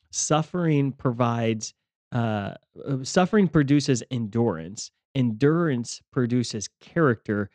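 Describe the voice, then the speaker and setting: A man's voice: medium pitch, a little mellow, dry recording. A man co-hosting a faith podcast, talking reflectively with many fillers and restarts. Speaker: podcast co-host, ministry leader. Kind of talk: casual faith discussion.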